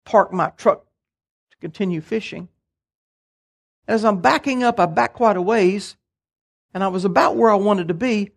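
An older man, preaching a sermon and telling stories in a folksy, animated way. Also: sits high, vocal fry. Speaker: pastor.

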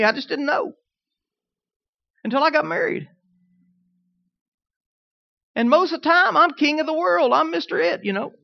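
A middle-aged man preaching a sermon, telling humorous stories with lively rising emphasis. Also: very high-pitched, gravelly, dry recording, highs cut off.

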